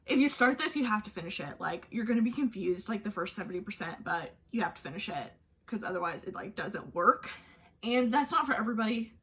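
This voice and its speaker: A woman's voice: medium pitch, animated, fairly quick, fairly bright tone. A woman hosting a book channel, chatting casually and gushing about what she read, with lots of "like". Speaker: book vlogger host. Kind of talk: casual book review chat.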